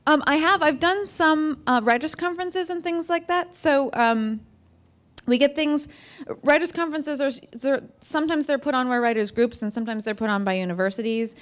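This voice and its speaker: American woman author, slightly high voice, chatty and self-deprecating, talking to a live audience. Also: normal speed. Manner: chatty, self-deprecating, many fillers and restarts. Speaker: author giving a talk. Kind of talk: casual talk to an audience. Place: museum event room.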